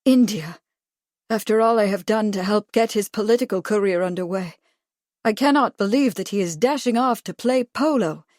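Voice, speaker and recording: A woman's voice: medium pitch, moderate pace, darkish tone, no room sound, clean studio sound, natural voice. A woman voicing a tired, stiff middle-aged society mother. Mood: weary.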